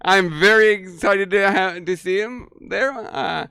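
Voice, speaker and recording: Bright high-voiced comedy emcee. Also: male voice, a little slow, creaky, clean tone, no echo. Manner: loose, joking, swearing between acts. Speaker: show emcee. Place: outdoor stage.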